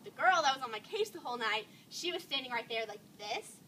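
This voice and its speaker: Woman, high bright voice, rapid chatty storytelling, constant "like", distant mic, faint room noise. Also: very animated, a crowd in the background. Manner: chatty, says "like" constantly, acts out quotes. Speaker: cheerleader telling a story. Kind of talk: casual storytelling.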